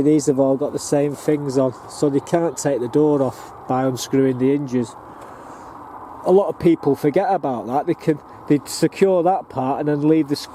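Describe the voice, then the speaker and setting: A man's voice: fairly high pitch, warm tone. A northern English man giving a rambling, plain-spoken walking tour of his allotment plot, talking to the camera he carries. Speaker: allotment gardener and vlogger. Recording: faint outdoor background noise.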